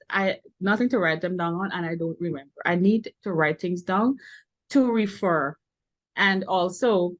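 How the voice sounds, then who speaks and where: Woman, business owner, interview guest, frank and animated, middle pitch, dry close sound. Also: dry recording. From Guyana. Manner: animated and frank, laughing now and then, stressing key words. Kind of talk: earnest conversational interview answers.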